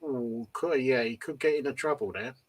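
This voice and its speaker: A man's voice: medium pitch, moderate pace, dry recording. A man co-hosting a casual livestream chat, agreeable and easygoing, often restarting his sentences. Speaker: livestream co-host.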